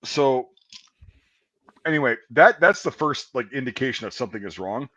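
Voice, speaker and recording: A man's voice: medium pitch, lively intonation, moderate pace, fairly bright tone, no room sound. Man, casual storytelling, swears a lot, rambling and self-deprecating, dry dull lo-fi sound. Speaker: podcast host.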